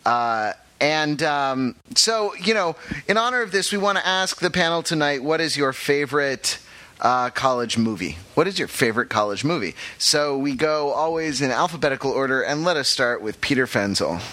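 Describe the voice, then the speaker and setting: A man hosting a casual panel podcast, talking in a halting way with many fillers and restarts. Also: fairly high pitch, animated, sharp tone. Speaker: podcast host.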